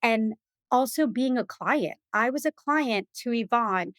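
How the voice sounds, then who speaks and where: A woman guest telling stories in a casual interview, chatty and animated, full of "you know" and "like.". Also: on the high side, a little slow, no room sound. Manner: animated, acts out other people's lines. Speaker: podcast guest.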